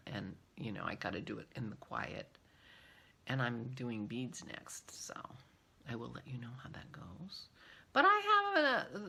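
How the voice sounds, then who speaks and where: A middle-aged woman hosting a casual vlog, rambling warmly with many fillers and small laughs. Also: fairly low pitch. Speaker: podcast host.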